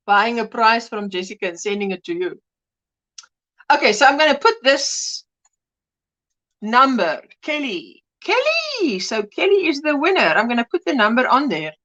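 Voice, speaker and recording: A woman's voice: on the high side, very animated, moderate pace, a bit bright, poor audio. A woman hosting a casual livestream, chatting and reading viewer comments aloud with frequent laughs. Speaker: livestream host.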